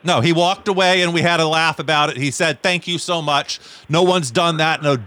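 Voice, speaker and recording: A man co-hosting a talk show, telling a story in an animated, self-deprecating way. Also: a little high, fairly quick, dry recording. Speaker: podcast co-host. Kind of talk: casual storytelling.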